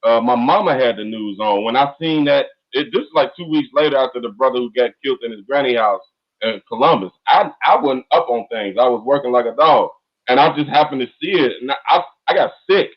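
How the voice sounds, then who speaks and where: A man's voice: medium pitch, lively intonation, fairly quick. A man speaking on an online call, ranting with fiery, repetitive, emphatic outbursts. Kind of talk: impassioned call-in talk. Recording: dull lo-fi online call audio.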